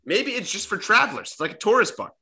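A man with a bright, fairly high voice hosts a casual brainstorming chat. He jokes freely and restarts his sentences as he thinks aloud. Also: wildly swooping pitch, fast. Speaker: podcast host.

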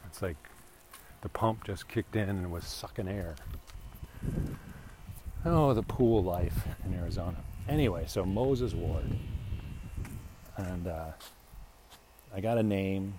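A man's voice: deep voice, slow, pauses often. A man hosting a casual podcast while walking his dog outdoors, talking in a chatty, meandering way full of restarts. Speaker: podcast host. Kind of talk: casual rambling monologue. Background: pool pump noise.

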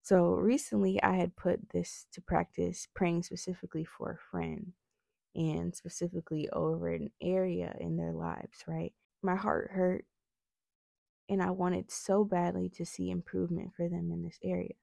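With a slight lisp from her retainers, the young faith vlogger offers an earnest devotional on prayer, frequently tossing in "right?" Her lowish, gravelly, mellow voice keeps a level tone at a moderate pace, with no room sound.

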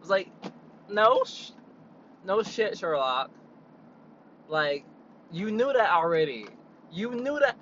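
Young man, somewhat high voice, animated and exasperated, faint road noise. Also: slow, pauses often, highs cut off. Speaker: vlogger. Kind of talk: casual storytelling rant.

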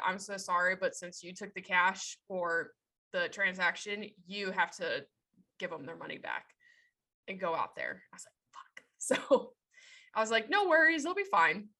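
A woman in her thirties telling a story in casual chat, animated and swearing freely as she laughs along. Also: mid-range voice, moderate pace. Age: 30s.

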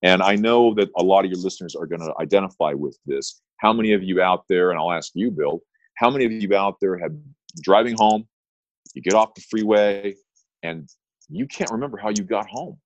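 A man's voice: deep voice, brisk, no echo, highs cut off. A middle-aged man, an attorney talking as a guest in an interview, telling stories with emphatic, punchy repeated phrases. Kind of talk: interview storytelling.

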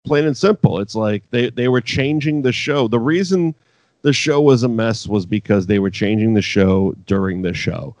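Podcast guy cussing a lot, lively and casual, dry close mic. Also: lowish voice, moderate pace, dry recording. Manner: profane, animated storytelling. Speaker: podcast co-host. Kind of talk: casual chat.

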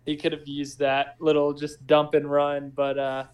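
A man's voice: fairly high pitch, monotone, moderate pace, a little mellow. A man co-hosting a casual sports podcast, joking and teasing his co-host.

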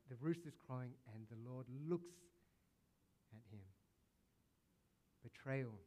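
A man preaching a sermon as pastor, asking the congregation rhetorical questions, rising with emphasis and then dropping to a hushed tone. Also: medium pitch.

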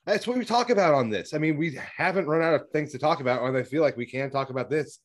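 A man's voice: on the high side, fast talker. A man co-hosting a podcast in casual chat, teasing and crude, often laughing. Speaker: podcast co-host.

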